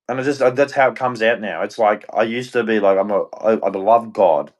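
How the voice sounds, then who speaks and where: A man's voice: lowish voice, fairly quick, few pauses. A man hosting a livestream, ranting in a rambling, frustrated and heartfelt way. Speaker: livestream host. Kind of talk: casual ranting monologue.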